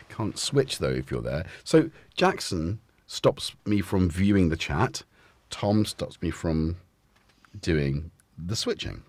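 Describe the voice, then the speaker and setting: Male streamer, low husky voice, very animated delivery, loose rambling chat with his pets. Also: dry recording. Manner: rambling, chatty, keeps talking to his cats. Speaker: livestream host. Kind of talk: casual live-stream chat. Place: home music studio.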